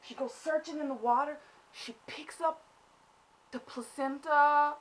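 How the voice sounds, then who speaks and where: Woman vlogger, comic storyteller, slightly high voice, over-the-top delivery. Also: a little slow. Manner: animated, exaggerated, mock-dramatic. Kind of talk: comedic storytelling vlog.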